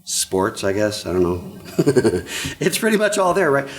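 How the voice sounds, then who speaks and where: An older man presenting to an audience in a lively, jokey way, often checking in with listeners. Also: lowish voice, a little slow. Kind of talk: lively conference talk.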